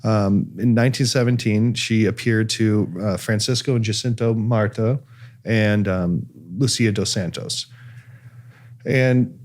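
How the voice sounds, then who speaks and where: The Cleveland podcast host speaks a little slowly in a lowish, steady, slightly mellow voice. His casual storytelling is loaded with fillers and frequent restarts.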